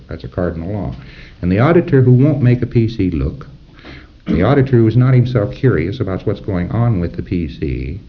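A man's voice: fairly low pitch, lo-fi sound. A man giving an informal lecture to trainees, talking conversationally and acting out little dialogues. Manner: conversational, acts out dialogues and chuckles at his own examples.

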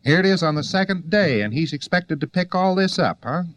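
A man's voice: a little high, animated, fairly quick, fairly bright tone, dry recording. Wry male lecturer, dry sound. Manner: conversational, rhetorical questions, wry asides. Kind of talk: recorded lecture to students.

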